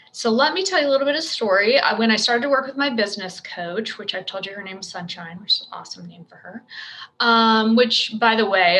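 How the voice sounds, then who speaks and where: A woman's voice: mid-range voice, bright, forceful tone, low-quality recording. A middle-aged woman hosting a casual solo podcast, chatty and upbeat with joking asides. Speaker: podcast host, pediatrician.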